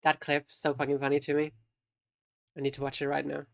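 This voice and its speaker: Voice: mid-range voice, completely flat delivery, brisk, creaky, no room sound, clean studio sound. A live streamer, chatting casually and teasingly with viewers. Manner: chatty, teasing, reacting to chat.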